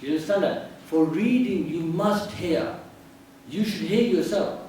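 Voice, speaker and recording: A man teaches a prayer class in a mosque, drilling pronunciation and often asking the class if it is clear. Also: sits high, animated, measured pace, a little mellow, slight background noise. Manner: drills pronunciation, asks the class to check understanding. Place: mosque hall. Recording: echoey hall, mic at a distance.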